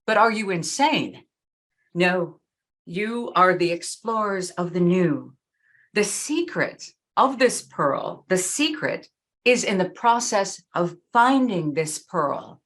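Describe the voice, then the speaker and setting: A middle-aged woman giving a talk in an earnest, emphatic way, slowing down to stress key phrases. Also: mid-range voice, a bit bright. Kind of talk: talk with slides.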